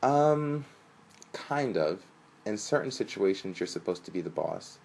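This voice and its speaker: A man's voice: lowish voice, lively intonation, unhurried, creaky, a little mellow, husky, exaggerated voice. A man reading aloud, voicing a sweet, teasing young woman with a Persian accent in a spoken story. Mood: explaining. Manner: matter-of-fact, teasing. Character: sweet young woman girlfriend, coy, traditional.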